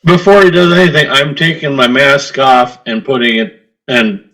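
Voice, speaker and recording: A man's voice: mid-range voice, moderate pace, bright, forceful tone, low-quality recording. A man describing his character's actions as a player, with some hesitation. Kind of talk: casual game table banter.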